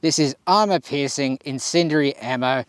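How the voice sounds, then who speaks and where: An Australian man hosting a casual shooting vlog outdoors at a range, excitable and swearing constantly as he hypes himself up. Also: mid-range voice, normal speed, clear, resonant tone, dry recording. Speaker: host.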